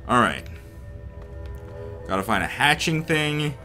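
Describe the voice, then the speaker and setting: Over background music, a man provides casual let's play commentary in a medium-pitched, very animated voice, speaking slowly. He talks to himself and to the characters in a rambling, reactive way, now and then slipping into a mock accent or whispering when he sneaks around.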